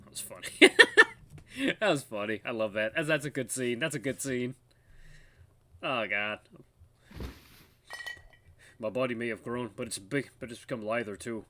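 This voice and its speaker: A man's voice: mid-range voice, moderate pace, pauses often, fairly bright tone, a little hiss or hum. A man hosting a gaming channel, reading an interactive story game aloud in the first person and stopping to comment. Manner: first-person narration of the hero, breaks off to laugh and comment.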